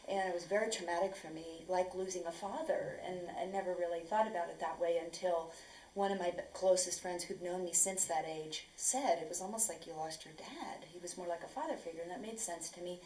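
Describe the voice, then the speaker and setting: Woman, hesitant, lots of pauses, lowish voice, far from mic, roomy echo. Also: fairly even intonation, darkish tone. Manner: hesitant, many fillers. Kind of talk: casual personal story. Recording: echoey room, distant mic, faint noise.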